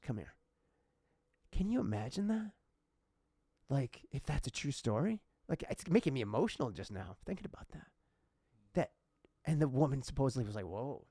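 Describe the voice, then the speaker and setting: A man's voice: a little high, a little mellow, dry recording, studio quality. A man co-hosting a podcast who tells a personal story in an earnest, rambling way, with many restarts and asides. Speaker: podcast co-host.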